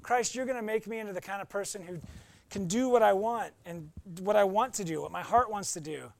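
Man, young adult, pastor, conversational sermon, high voice, gravelly, dry close sound. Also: a little fast, dry recording. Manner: conversational, acts out quoted voices.

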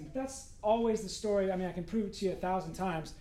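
A man's voice: high-pitched, fast talker, warm tone. A man preaching a sermon at church in a loose, conversational and joking way, acting out voices as he goes. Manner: conversational, humorous, acts out voices in quotes. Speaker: pastor.

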